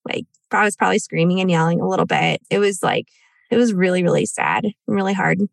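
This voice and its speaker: A woman's voice: on the low side, fairly even intonation, quick pace, vocal fry, no echo. A woman in her thirties telling a painful personal story on a podcast, in a chatty way full of fillers and acted-out quotes. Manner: chatty, many "like" fillers, acts out quoted speech. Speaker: podcast guest. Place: outdoors in a cemetery.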